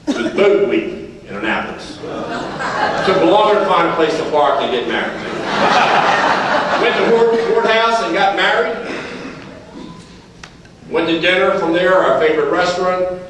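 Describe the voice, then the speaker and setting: A man's voice: high-pitched, animated, a little slow, long pauses, noisy background. Older man, folksy storyteller in echoey hall. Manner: folksy, repeats phrases, chuckles through stories. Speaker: recovery meeting speaker. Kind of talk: storytelling speaker's talk at a meeting. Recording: very echoey hall, heard from far off.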